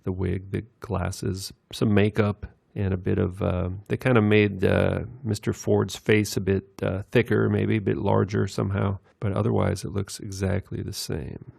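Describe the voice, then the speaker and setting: A man giving rambling commentary over video clips, meandering with many filler pauses. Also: on the low side, flat delivery, vocal fry, darkish tone, slightly rough, dry recording.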